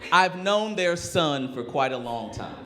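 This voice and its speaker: A man performing a stand-up comedy set on a club stage, telling stories with animated energy and slipping into brash rants. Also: fairly high pitch, a little slow. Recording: echoey club room with audience noise.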